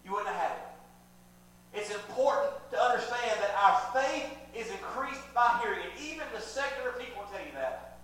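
High-voiced preacher in an echoey church. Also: male voice, brisk, far from the mic. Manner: animated, dramatic preaching with acted-out voices. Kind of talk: sermon. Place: church sanctuary.

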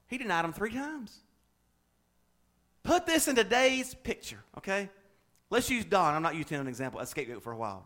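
A man preaching a folksy, lively sermon as pastor, laughing and acting out everyday examples. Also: sits high.

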